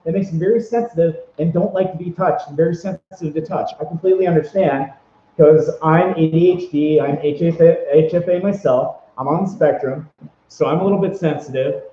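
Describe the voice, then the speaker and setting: A man's voice: on the high side, a little fast, dark tone. Rambling upbeat guy in an echoey room. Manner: rambling, upbeat, many fillers and restarts. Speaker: vlogger giving convention tips. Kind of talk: casual advice vlog. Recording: echoey room, dull lo-fi sound.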